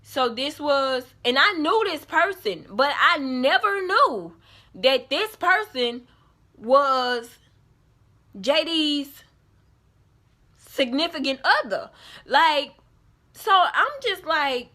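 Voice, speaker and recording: A young woman telling a casual storytime vlog, animated and acting out the people in her story. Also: high-pitched, slow, long pauses. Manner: animated storytelling, quoting others in put-on voices. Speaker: vlogger.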